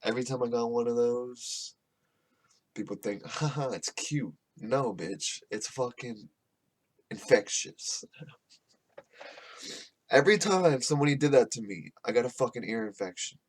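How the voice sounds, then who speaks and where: A man talking loosely into a podcast mic, cursing freely and drifting from one thought to the next. His pitch sits right in the middle, and he laughs at his own stories as he goes. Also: measured pace, pauses often. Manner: profane, rambling, laughs often. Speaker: podcast host. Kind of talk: casual rambling monologue. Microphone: podcast microphone.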